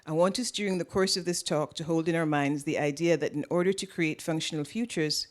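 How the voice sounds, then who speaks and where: A woman from Jamaica with a Caribbean accent softened by years in Canada, giving a prepared lecture at a public event in a measured, deliberate way. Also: deep voice. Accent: Caribbean, tempered by years in Canada. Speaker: author giving a keynote talk.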